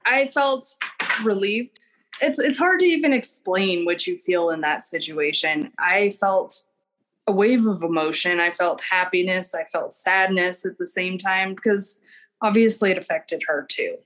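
A woman, a mother and interview guest, speaking in an earnest, reflective, halting way. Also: fairly low pitch, a bit bright, low-quality recording. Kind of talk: casual interview chat.

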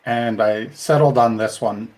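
A man talking through his views on a casual podcast discussion. He is deliberate and reflective and often restarts his sentences. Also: medium pitch, a little mellow. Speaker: podcast co-host.

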